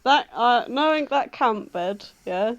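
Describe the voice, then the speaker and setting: A woman's voice: a little high, animated, slow, highs cut off. A woman chatting on a podcast, giggling often and swearing casually as she jumps in with jokes. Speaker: podcast co-host. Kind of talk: casual chat.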